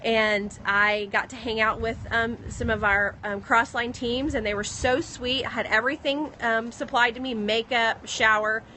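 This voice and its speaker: A pregnant woman telling a personal story in a casual vlog, recorded outdoors on a phone in the rain, animated as she retells what others said. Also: on the high side, moderate pace, few pauses, low-quality recording. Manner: earnest, animated retelling with quoted dialogue. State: pregnant, second trimester. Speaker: vlogger. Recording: faint outdoor noise, rain.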